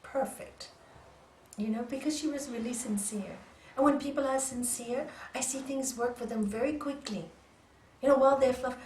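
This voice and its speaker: A woman yoga teacher giving an animated storytelling talk to a group, acting out dialogue and laughing often. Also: high-pitched, normal speed. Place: yoga centre room. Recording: echoey room from a distance.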